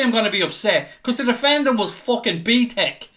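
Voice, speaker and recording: A man hosting a live football watchalong, commentating in a frustrated, sweary way with bursts of shouting. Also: extremely high pitch, lively intonation, normal speed, few pauses. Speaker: watchalong host. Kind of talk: live fan reaction commentary.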